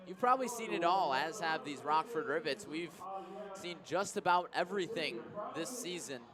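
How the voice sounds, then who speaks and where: A young man giving color commentary on a baseball radio broadcast, talking enthusiastically and thanking people. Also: fairly high pitch. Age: young adult. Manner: enthusiastic, grateful, rambling. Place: outdoor ballpark broadcast booth. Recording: ballpark crowd noise behind.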